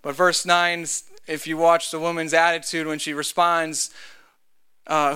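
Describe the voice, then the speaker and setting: Man pastor, smooth resonant voice pitched a little high, chatty sermon delivery. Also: level tone, normal speed, sharp tone. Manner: conversational, joking asides.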